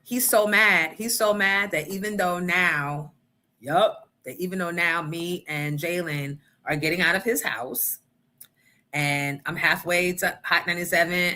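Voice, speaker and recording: A woman's voice: lowish voice, sharp tone. Brash, profane woman radio host. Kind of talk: storytelling on a morning show.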